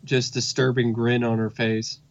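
A man's voice: mid-range voice, little pitch movement, measured pace, dry recording. Man chatting on a dull lo-fi mic. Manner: hesitant, restarts, fillers. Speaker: podcast co-host. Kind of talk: casual chat recapping a TV episode.

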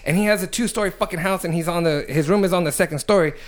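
A man's voice: sits high, rapid-fire. A young adult man, a podcast host, telling a rowdy story in casual chat, swearing and laughing as he goes.

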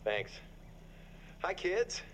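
An actor playing a cheerful, eager dad who talks gently and a little corny to small children, from a sitcom clip. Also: male voice, high-pitched, big pitch swings, very slow, muffled recording, full character voice. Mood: chipper. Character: cheerful, eager single dad and talk-show host. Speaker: father at a preschool. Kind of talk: sitcom acting. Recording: sitcom clip with background noise.

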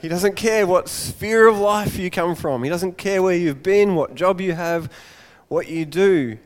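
A man preaching a Father's Day sermon, an animated storyteller who acts out the voices of his characters. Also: high-pitched, unhurried, in a large hall.

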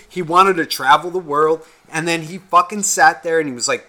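A man's voice: on the high side, moderate pace, hardly any pauses, sharp tone. A young man co-hosting a podcast, ranting in a heated, rambling way and swearing constantly. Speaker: podcast co-host. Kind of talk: casual podcast rant.

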